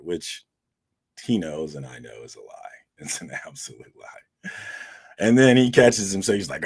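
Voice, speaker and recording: A man hosting a casual online show, retelling an argument with a friend in a profane, animated way and quoting both sides. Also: fairly low pitch, normal speed. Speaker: host. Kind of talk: casual livestream storytelling.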